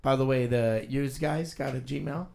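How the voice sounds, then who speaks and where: Raspy loud-mouthed man joking around. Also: medium pitch, measured pace. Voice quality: raspy, scratchy. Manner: loud, excitable, profane. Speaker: podcast co-host. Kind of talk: casual comedic banter.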